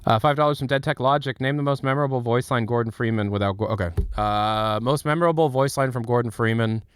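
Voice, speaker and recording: An American man talks fast on a live stream through a desk mic, his medium-pitched voice clear and resonant. He rambles and jokes casually while reading chat messages and donations aloud.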